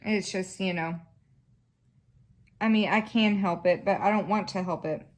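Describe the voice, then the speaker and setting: A woman's voice: medium pitch, unhurried. A woman, chatting casually to a camera on a stand while she crafts, rambling and swearing freely. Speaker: craft vlogger.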